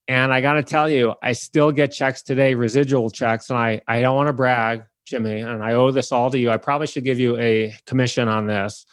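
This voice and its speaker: A man from the Detroit area tells a story on his podcast with lots of energy, slipping into the voices of the people he describes. His voice sits at an ordinary middle pitch. It is recorded close and dry, with no room sound. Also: clear, resonant tone, no echo. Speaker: podcast host telling a story. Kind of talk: casual storytelling.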